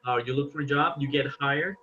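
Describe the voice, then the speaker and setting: A man's voice: medium pitch, steady tone, brisk, bright, forceful tone, highs cut off, slight background noise. A man teaching an English class online, patiently correcting his students' examples.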